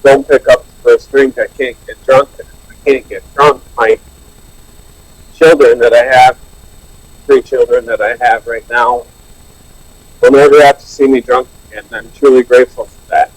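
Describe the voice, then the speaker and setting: A man's voice: medium pitch, fairly even intonation, normal speed, pauses often, no room sound, low-quality recording. A man earnestly sharing his recovery story at a support meeting, with many restarts. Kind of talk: personal recovery share. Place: online meeting.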